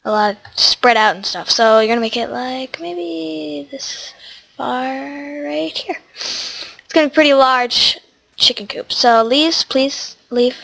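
Hosting her gaming channel, a teenage girl rambles casually through a gameplay tutorial, chatting to the animals in the game. Her stuffy, sniffly voice is a little high and fairly bright, with fairly even intonation and a slightly slow pace.

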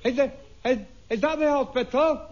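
A man's voice: extremely high pitch, normal speed, pitched above the performer's own voice. A man voicing a flustered, henpecked husband stammering on the phone. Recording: dull old recording, faint audience.

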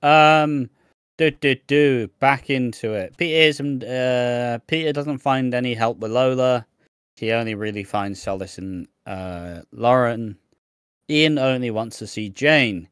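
A man's voice: mid-range voice, unhurried, a bit bright, smooth, no echo, studio quality. A man co-hosting a podcast, chatting casually and recapping a soap in a sweary, exasperated, mocking way. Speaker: podcast co-host.

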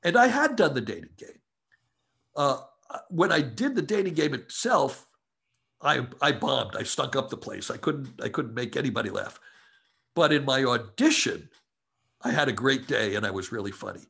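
A man, a comedy writer, telling relaxed anecdotes as a guest in an interview. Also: medium pitch, normal speed, creaky, slightly rough. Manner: relaxed anecdotal storyteller who acts out quotes. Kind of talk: casual storytelling interview.

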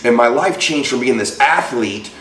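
A man in his forties, a guest in an interview, telling a personal story with lively acted-out voices for the people in it. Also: medium pitch, normal speed, far from the mic, a little hiss or hum. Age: 40s. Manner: animated storyteller acting out quoted voices. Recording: roomy, from off-mic.

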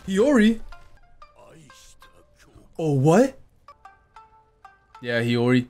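Excitable swearing man reacting loudly. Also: sits high, extremely slow, long pauses, faint music behind. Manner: excitable, swearing, shouting outbursts. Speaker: anime reaction channel host. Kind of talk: live reaction commentary. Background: faint anime soundtrack playing.

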